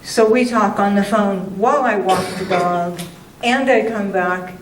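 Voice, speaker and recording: A woman's voice: medium pitch, a little slow, background noise. Older woman, guest speaker, chatty self-mocking storytelling, roomy hall, mic far off. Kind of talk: humorous storytelling talk. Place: meeting hall.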